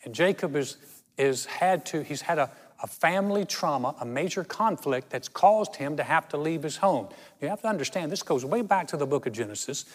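With lively intonation, a male pastor delivers a sermon as a conversational story, deliberately slowing down on key words for emphasis. His voice runs slightly high for a man, and long church reverb fills the recording.

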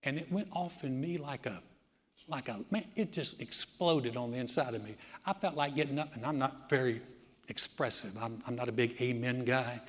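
A man preaching a sermon to a congregation, moving between loud, emphatic passages and a quiet, low prayer voice. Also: normal speed. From United States. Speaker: pastor. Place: church sanctuary. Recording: long church reverb.

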